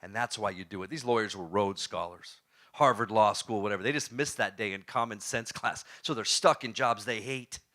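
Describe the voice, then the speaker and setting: A man giving a storytelling talk to a live audience. He is animated, laughs often, and throws questions at the crowd. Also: lowish voice, moderate pace. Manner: laughs often while telling stories. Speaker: motivational speaker.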